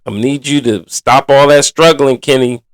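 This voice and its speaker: A man's voice: medium pitch, fairly even intonation, a little fast, no room sound. A man hosting a sports podcast in a casual, blunt and exasperated manner, full of colloquial slang. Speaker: podcast host.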